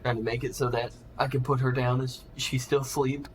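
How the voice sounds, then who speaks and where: A man's voice: medium pitch, level tone, normal speed, echoey room, a little hiss or hum. A man live-streaming from home, chatting in a rambling, casual way with lots of restarts. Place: home room.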